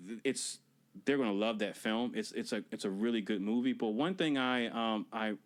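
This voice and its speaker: A man's voice: fairly low pitch, moderate pace. A man on a podcast casually recapping a film scene, acting out the characters' lines, laughing and swearing as he goes. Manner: animated storytelling, acts out quotes, laughs and swears. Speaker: podcast co-host reviewing movies. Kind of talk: casual movie review chat.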